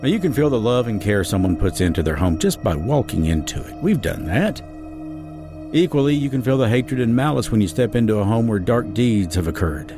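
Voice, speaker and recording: A man's voice: big pitch swings, brisk, music in the background. A man hosting a true-crime podcast, narrating in a dramatic storytelling style. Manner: dramatic storytelling with wide swings in pitch. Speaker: podcast host and audiobook narrator.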